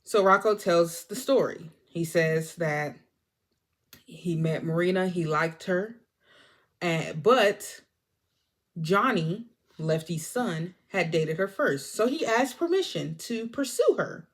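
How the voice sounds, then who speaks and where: Animated woman retelling a movie. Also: fairly low pitch, takes it slowly. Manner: animated storyteller, acts out the characters. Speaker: movie reviewer. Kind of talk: casual movie recap vlog.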